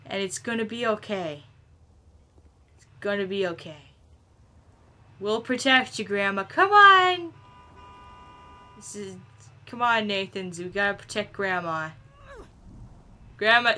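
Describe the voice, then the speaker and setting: A woman giving silly, animated let's-play commentary, chatting to the game characters as she plays. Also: mid-range voice. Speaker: gameplay commentator.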